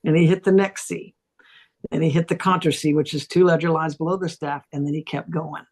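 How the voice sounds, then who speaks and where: A middle-aged woman with a gravelly, husky voice tells a story in a casual conversation. She is a voice teacher, and she acts out each quoted line with big swoops up and down in pitch. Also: steady tone, brisk, a little mellow. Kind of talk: casual storytelling on a talk stream.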